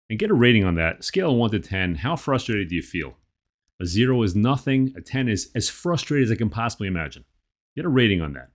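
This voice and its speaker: A man with a fairly low voice leads a guided tapping session, and his pitch rises and falls a great deal. He gives phrases for the listener to repeat and moves between calm instruction and heated outbursts. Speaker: tapping practitioner.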